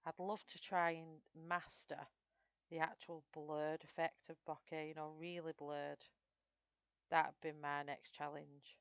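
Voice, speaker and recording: Low, gravelly Northern English woman. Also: level tone, a little slow, no echo, lo-fi sound. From Northern England. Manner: chatty, reads out and answers viewer comments while working. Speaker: streamer. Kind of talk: live colouring tutorial chat.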